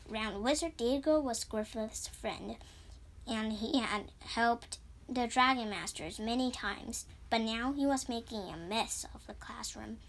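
Woman, reading a storybook aloud, plain, unhurried, small slips, fairly high voice. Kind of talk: reading a children's chapter book aloud.

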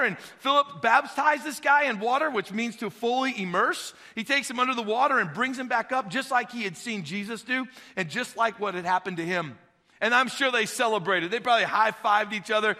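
A man preaching a sermon, telling the story with animated energy and acting out the dialogue. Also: high-pitched. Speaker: pastor. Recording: long hall reverb.

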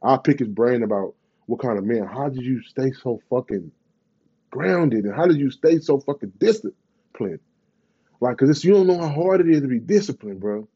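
Brief: Bay man, thirties, mid-pitched, loose profane slang-heavy vlog rant, muffled low-fi recording. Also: expressive, moderate pace, mellow, slightly rough. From Bay Area, California. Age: 30s. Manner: profane, rambling, emphatic slang.

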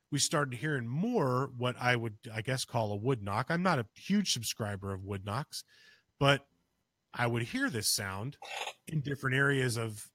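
A man casually telling a personal story, acting out his own quotes with sudden jumps in pitch. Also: a bit bright, no room sound. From Pennsylvania.

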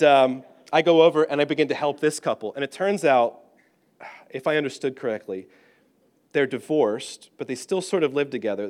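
A British-born man, a pastor, telling a personal story in an animated, self-deprecating and humorous way. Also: medium pitch. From Britain. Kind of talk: storytelling sermon.

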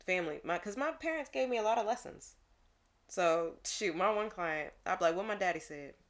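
A woman in her thirties talking casually on a podcast about her work as a therapist. She tells stories with energy, laughs often and slips into easy slang. Her pitch sits in the middle for a woman. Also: lively intonation, moderate pace.

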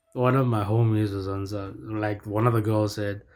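A man's voice: on the low side, a little mellow. A young man telling a story casually, rambling with lots of fillers and restarts. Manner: rambling, filler-heavy, self-correcting.

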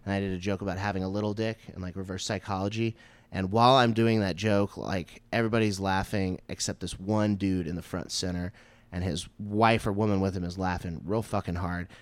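A man, a stand-up comic, telling a story in casual chat, animated and full of swearing and "like" fillers. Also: deep voice, brisk, no room sound. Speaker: stand-up comedian.

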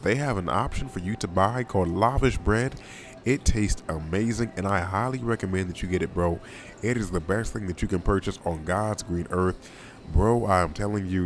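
A young man hosts his own podcast alone, talking in a loose and wandering way. His voice sits a bit low, and he leans on slang and repeats phrases as he goes. Faint ambience hums behind the recording. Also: a little hiss or hum. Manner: rambling, loose, slangy, often laughs and repeats himself. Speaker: podcast host. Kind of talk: casual solo podcast monologue.

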